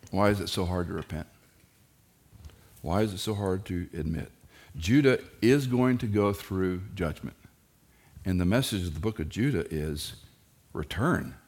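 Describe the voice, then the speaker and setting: A middle-aged man preaching a sermon, animated and joking, who jumps into high mock voices when quoting kids and parents. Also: normal speed. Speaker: pastor.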